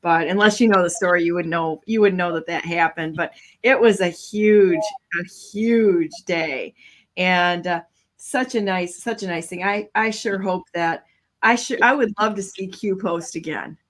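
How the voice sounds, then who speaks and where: A woman hosting a talk show, telling a story in a lively, casual way, laughing often and acting out what other people said. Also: fairly low pitch, measured pace. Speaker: show host.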